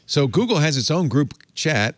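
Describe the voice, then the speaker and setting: A man's voice: a little high, moderate pace, no room sound. An older man hosting a casual tech panel chat, joking and asking questions. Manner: lively, joking, asks questions. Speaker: host.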